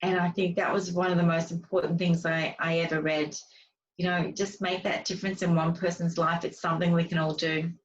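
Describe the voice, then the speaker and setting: A woman's voice: lowish voice, level tone, a little fast. A woman speaker and author telling stories in a casual, chatty way, with many fillers and restarts. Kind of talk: casual interview storytelling. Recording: distant, dull lo-fi sound.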